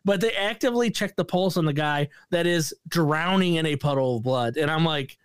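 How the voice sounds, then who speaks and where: A sarcastic man riffing through a casual podcast movie review, now and then mimicking characters in goofy voices. His voice sits a bit high, recorded close and dry with no room sound. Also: moderate pace, clear, resonant tone, no echo. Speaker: podcast co-host.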